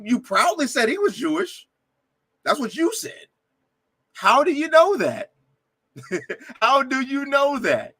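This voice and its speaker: A man's voice: on the high side, fairly bright tone, no room sound. A man hosting a reaction video, commenting on a debate clip with indignant, laughing outbursts and stammered restarts.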